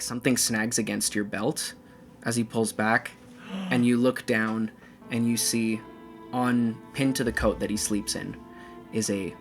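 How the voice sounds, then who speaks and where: A man narrating as game master of a tabletop game, talking in a lively way with many fillers. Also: lowish voice.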